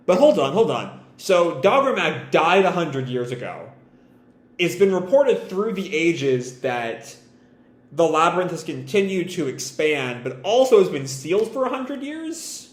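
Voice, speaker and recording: A man's voice: a little high, sing-song, measured pace. A man reacting live to a manga chapter, thinking aloud with hesitant restarts. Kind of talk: live reading and reaction commentary. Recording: echoey room.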